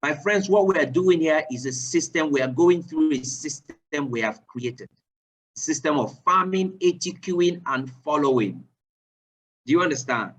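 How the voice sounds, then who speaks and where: A man leading a live online sales training, quizzing his listeners with repeated questions and rising with excitement. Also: measured pace, distant mic, low-quality recording. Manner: animated, rising pitch when excited.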